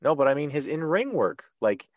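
A man hosting a casual podcast chat, swearing often and pausing with many ums. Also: a little high, sing-song, no room sound. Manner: profane, hesitant, with many ums.

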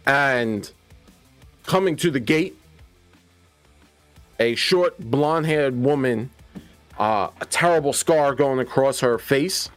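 A man's voice: medium pitch, slow pace, long pauses, fairly bright tone, no echo, soft background music. Laid-back man narrating a tabletop game. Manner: loose, hesitant with fillers. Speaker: game master.

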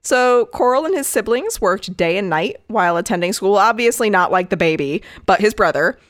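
A woman co-hosts a podcast, walking through a case story in a loose, chatty way full of asides and swearing. Her voice sits at a middle pitch. The sound is dry and close, with no room echo. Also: expressive, normal speed. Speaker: podcast co-host telling a case. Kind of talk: casual chat.

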